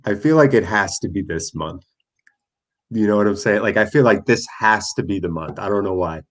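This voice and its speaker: A man's voice: on the low side, moderate pace. A man co-hosting a live-stream quiz, chatting in an easygoing, joking way. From United States. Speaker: co-host. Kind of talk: casual live-stream chat.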